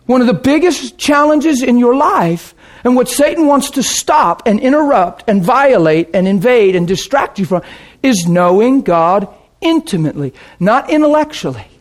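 A man preaching a sermon and telling his own conversion story, emphatic and dramatic, dropping to a hush and then shouting. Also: very high voice, animated, moderate pace. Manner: emphatic, dramatic, swings between hushed and shouting. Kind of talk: sermon with personal testimony.

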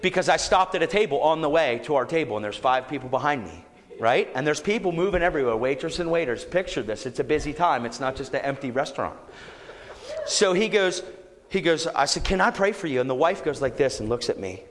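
Lively high-voiced male preacher, storytelling sermon, long hall reverb. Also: brisk. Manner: animated, rising to shouts when exhorting.

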